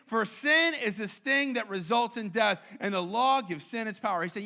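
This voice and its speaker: A man preaching a sermon in an animated way, acting out quotes and often repeating himself. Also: high voice, moderate pace, few pauses. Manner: repeats words and restarts often. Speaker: pastor.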